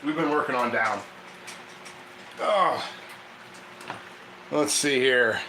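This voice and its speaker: A man's voice: mid-range voice, normal speed, pushed and bright, reverberant, slight background noise, low-quality recording. A man hosting a casual cooking stream, chatty and laughing often as he coaxes his dog through tricks. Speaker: cooking channel host. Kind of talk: casual live cooking chat.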